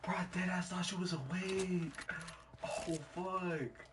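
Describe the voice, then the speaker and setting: A man streaming a game from home at night, talking in slang, getting excited and yelling trash talk at the game. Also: high voice, moderate pace. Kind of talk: casual gameplay commentary. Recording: distant mic with steady background noise.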